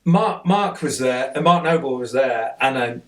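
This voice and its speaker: A man, a podcast guest, telling an excited, rambling story in casual conversation, sitting some way off the mic. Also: medium pitch, measured pace.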